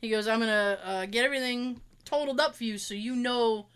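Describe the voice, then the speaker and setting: A woman's voice: fairly high pitch, a little fast, clear, resonant tone. A woman chatting casually, telling a story with lots of swearing and acting out what others said. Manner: animated, swears freely, acts out others' lines.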